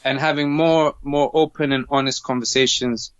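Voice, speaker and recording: A male doctor talking as a guest in an interview, earnest and halting as he gathers his thoughts. His voice sits mid-range and comes over a dry, dull, lo-fi connection. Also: medium pitch, fairly even intonation, fairly bright tone, clean tone, no room sound. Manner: earnest, halting, many restarts. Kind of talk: casual interview chat.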